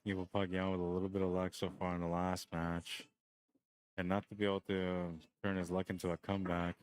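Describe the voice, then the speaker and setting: A man with a deep, just-woke-up voice, rambling and joking as he runs a pool tournament stream and calls the shots, short on sleep. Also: level tone, fairly quick, slight background noise. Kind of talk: casual live-stream commentary.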